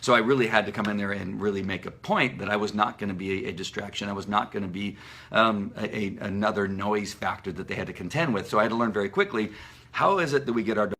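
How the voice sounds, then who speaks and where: A man who trains police dogs, talking casually and at length on a live stream, rambling with many fillers and restarts, and now and then barking out a loud dog command. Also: fairly low pitch, fast. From Southern California.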